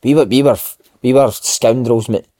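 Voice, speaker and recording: A man's voice: medium pitch, fairly even intonation, moderate pace, mellow. A Scottish man, a podcast co-host, telling laddish, sweary stories and calling everyone mate. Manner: laddish, swears a lot, calls people mate. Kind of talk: casual chat.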